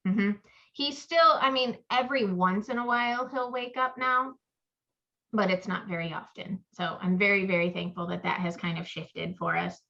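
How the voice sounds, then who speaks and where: A woman co-hosts a casual chat podcast, rambling through stories and acting out her own inner voice. Her mid-range voice is creaky, bright, and forceful at a moderate pace, and the audio is muffled and lo-fi.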